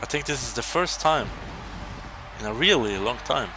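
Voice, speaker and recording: A young man giving casual, excitable commentary over a wrestling video game as he plays, swearing and laughing at his own slips. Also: mid-range voice, normal speed, noisy background. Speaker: gameplay commentator.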